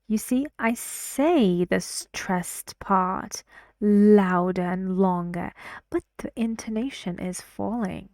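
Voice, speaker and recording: Slow, careful woman teaching pronunciation. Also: mid-range voice, darkish tone, dry recording, clean studio sound. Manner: slow, repeats words to model stress and intonation. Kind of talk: online pronunciation lesson.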